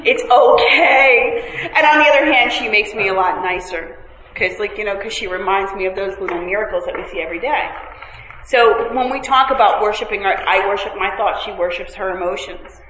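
Here a woman with a brisk, mid-range voice and a slightly bright tone talks openly to a meeting group about recovering. She jokes at her own expense and keeps restarting sentences and using fillers, recorded in an echoey hall with a little noise.

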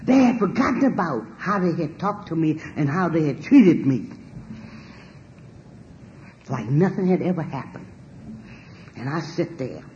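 Animated woman telling her own story. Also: deep voice, unhurried, long pauses, highs cut off, a little hiss or hum. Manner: animated, emphatic, swears freely, laughs through the telling. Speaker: storyteller sharing a personal testimony. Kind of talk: spoken personal testimony.

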